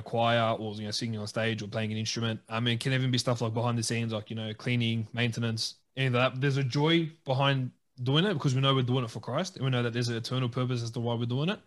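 Casting: man, co-host, fast talker, upbeat and laughing. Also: mid-range voice, steady tone, a bit bright. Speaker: podcast co-host. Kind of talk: casual chat.

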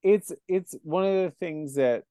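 A man with a Southern US accent, co-hosting a podcast in campy, animated casual chat. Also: fairly high pitch, unhurried, clean tone, dry recording, clean studio sound. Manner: campy, animated, laughs often. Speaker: podcast co-host.

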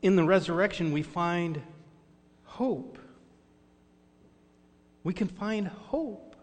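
A man's voice: high-pitched, animated, slow, big-room sound. A middle-aged male pastor preaching a sermon, telling personal stories in an earnest way with call-and-response asides. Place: church sanctuary.

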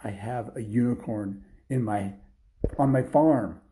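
A man voicing an amazed young girl in a children's story, in a soft, lowered voice. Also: measured pace, slight background noise, lightly acted. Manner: excited, astonished.

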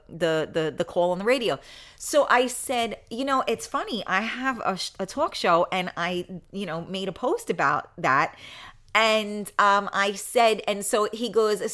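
A woman's voice: mid-range voice, sharp tone. A woman hosting a live talk show, telling a rambling story in a chatty manner, laughing often and talking to her audience. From New York. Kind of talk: casual live show chat.

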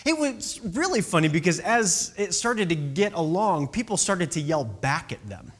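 A high-voiced man tells a story in a loose, conversational way. His pitch swings widely as he acts out what people said. He keeps checking in with quick asides. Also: slightly rough. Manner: chatty, animated, fillers and "right?" asides. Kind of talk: casual storytelling talk.

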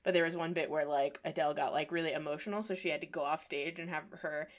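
A woman co-hosting a casual podcast chat, relaxed, laughing often and chiming in with short replies. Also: deep voice, quick pace. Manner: relaxed, laughing, supportive interjections. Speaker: podcast co-host.

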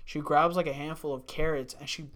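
A man's voice: on the high side, fairly even intonation, fairly quick, a crowd in the background. A young man rambling through a profane workplace story in casual chat, full of "like". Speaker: storyteller, former restaurant worker.

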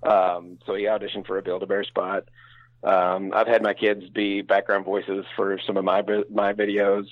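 A man's voice: low voice, little pitch movement, moderate pace, no room sound, narrow, tinny audio. A middle-aged man who works as a voice actor, chatting casually and rambling with frequent laughs. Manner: easygoing, laughs often, rambling asides. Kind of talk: casual conversation.

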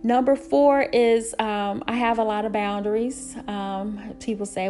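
A woman's voice: mid-range voice, fairly even intonation, unhurried, vocal fry, few pauses, mellow. A middle-aged single mother speaking candidly and emphatically about her parenting rules, in casual talk. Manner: candid, emphatic, acts out quotes in a raised voice.

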